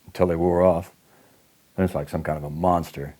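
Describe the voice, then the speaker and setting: A man in his late forties playing an angry recovering addict in a counselling role-play, lurching between outbursts and low, ashamed muttering. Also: steady tone, a little fast, warm tone. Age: late 40s. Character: angry recovering male addict near fifty, volatile and ashamed.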